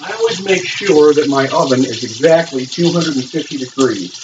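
High-voiced man demoing a recipe. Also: animated, normal speed. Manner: chatty, explains each step. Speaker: home cook hosting a cooking video. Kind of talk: casual cooking demonstration. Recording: lo-fi with running water noise.

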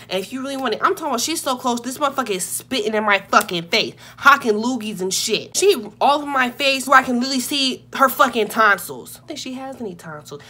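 A young woman vlogger telling a comedic story in a brash, profane and animated way. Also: fairly high pitch, fast, few pauses.

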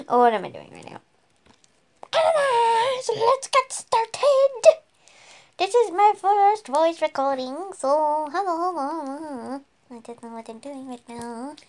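Young female vlogger, high-pitched and slow-paced, silly and giggly. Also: lively intonation, a little mellow. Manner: playful, giggly, keeps restarting. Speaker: channel host. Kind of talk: giggly casual vlog chat.

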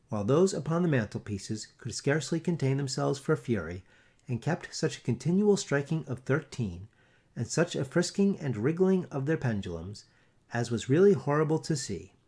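A man reading a classic tale aloud in a theatrical, expressive storytelling manner. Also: medium pitch, normal speed, slightly rough. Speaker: audiobook narrator. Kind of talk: scripted story narration.

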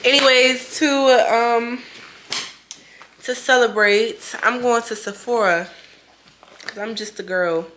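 A woman's voice: fairly high pitch, steady tone, slow, long pauses, fairly bright tone, slight background noise. A young woman chatting through a casual day-in-the-life vlog, bubbly and full of exclamations. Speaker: vlogger. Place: beauty store.

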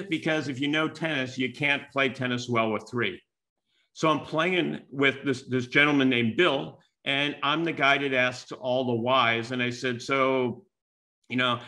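An older man from the United States delivers a talk as a string of personal stories. His voice is bright and forward, and he acts out the quoted dialogue as he goes. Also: medium pitch, moderate pace. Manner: animated storyteller acting out quoted dialogue. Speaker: keynote speaker and business school teacher. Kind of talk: storytelling talk.

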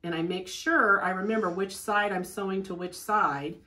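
A woman's voice: mid-range voice, fairly even intonation, moderate pace, bright, forceful tone. A woman teaching a hand-sewing class, chatty and homespun, talking through each step as she works. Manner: chatty, homespun, thinks aloud while working. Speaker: quilting teacher. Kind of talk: hands-on sewing demonstration.

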